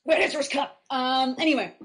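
A woman co-hosting a casual podcast chat, excitable and teasing. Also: high voice, brisk. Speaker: co-host.

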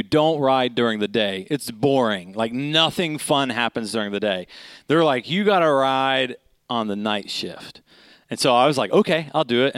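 A man in his thirties delivers a sermon as a lively, conversational story, leaning on "okay?" and "right?" to keep the listener with him. His voice sits at a middle pitch. The sound is dry, with no room echo. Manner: animated, conversational, keeps asking "okay?".

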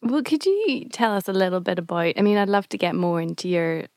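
A woman's voice: lowish voice, animated, a little fast, a little mellow, no echo, studio quality. A woman co-hosting a podcast who asks curious, encouraging questions. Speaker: podcast host. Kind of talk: podcast interview.

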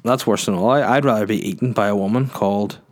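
A man's voice: on the low side, quick pace. A man hosting a solo podcast in a rambling, jokey, sweary casual chat. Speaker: podcast host.

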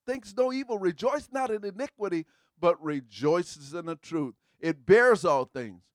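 A man preaching a sermon, calling for responses from his congregation and swinging from hushed asides to shouted lines. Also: high-pitched, no room sound. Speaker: pastor.

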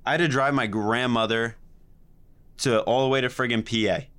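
A young man from New Jersey co-hosting a casual podcast, telling stories in a profane, animated way and mocking other people's voices. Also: mid-range voice, moderate pace, clear, resonant tone. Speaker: podcast co-host.

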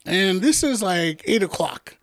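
A man telling a profane, animated story in casual chat, acting out the people he quotes. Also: high-pitched, unhurried, dry recording.

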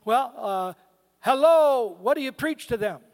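A man with a very high-pitched voice delivers a lively guest sermon, joking with the congregation and hammering his points home. His voice rings out with a long reverb from the church hall around him. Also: a little slow. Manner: humorous, emphatic, calls out to the congregation. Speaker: guest preacher. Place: church sanctuary.

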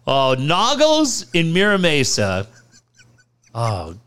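A man's voice: on the high side, wildly swooping pitch, drawn-out words, fairly bright tone. A middle-aged man from the San Diego area, chatting casually on a podcast, rambling and swearing as he goes. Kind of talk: casual chat.

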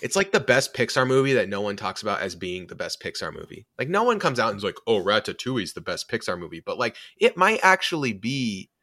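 A man co-hosting a casual movie podcast, talking in an animated way with lots of "like" fillers. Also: medium pitch, fairly quick, few pauses. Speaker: podcast co-host.

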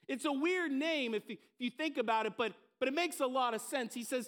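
Man pastor, very high pitch, fervent live sermon in church, big swings from loud to soft. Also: a little fast, hardly any pauses. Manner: impassioned, swinging between loud emphasis and hushed asides. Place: church stage before a congregation.

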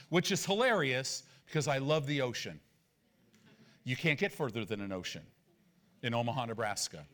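A man in his forties, a pastor, preaching with animated personal stories and rhetorical questions. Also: on the high side, normal speed.

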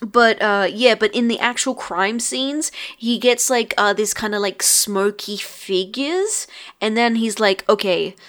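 A woman in casual chat, talking in an animated way, swearing freely and piling up "like" fillers. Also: fairly high pitch, a little slow.

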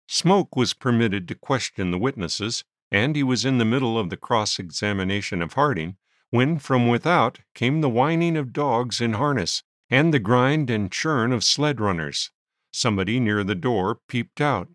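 A man narrating a story in a measured storytelling manner. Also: on the low side, a bit bright, no room sound, studio quality. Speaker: audiobook narrator. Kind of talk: scripted narration.

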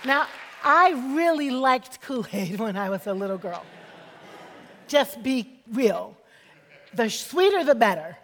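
High-voiced woman preaching in a reverberant hall. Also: big pitch swings, takes it slowly, a little hiss or hum. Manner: emphatic, repeats phrases for effect, calls for amens. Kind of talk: sermon.

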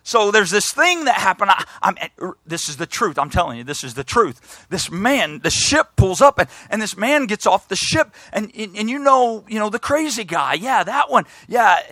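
A man preaching a sermon, retelling a scripture story in lively everyday speech and often repeating his words. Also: sits high, normal speed, hardly any pauses, no echo.

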